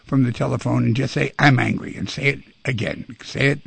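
A man's voice: medium pitch, brisk, vocal fry, slightly rough, no echo. A man hosting a call-in radio show, coaching a caller in a pushy, coaxing way and repeating his commands. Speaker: radio host.

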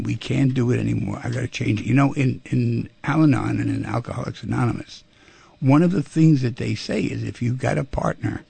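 Male call-in host, husky and gravelly, direct coaching delivery. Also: mid-range voice, darkish tone, dry recording. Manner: direct, coaching, repeats for emphasis. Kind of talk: call-in advice radio talk.

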